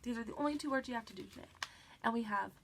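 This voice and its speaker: A woman's voice: a little high, very fast, noisy background. Stuffy-nosed woman teacher, patient and upbeat. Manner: patient, encouraging, frequent "all right" check-ins. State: stuffy nose from allergies. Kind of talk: remote reading lesson for children.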